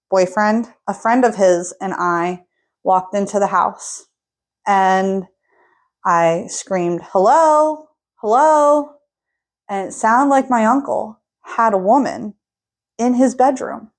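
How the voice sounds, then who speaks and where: A young woman casually telling a personal story, getting animated as she recounts an argument. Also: medium pitch, slow, pauses often.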